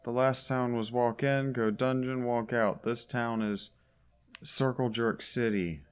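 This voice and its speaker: A man's voice: mid-range voice, fairly even intonation, unhurried, clean tone. A man giving sarcastic, grumbling commentary while playing a video game. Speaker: gaming YouTuber. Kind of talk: casual let's play commentary.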